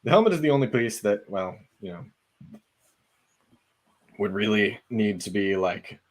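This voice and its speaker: A man with a fairly low voice co-hosts a casual podcast. He lays out his ideas earnestly and at length, building his argument point by point. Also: expressive, measured pace. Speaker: podcast co-host. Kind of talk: casual fan discussion.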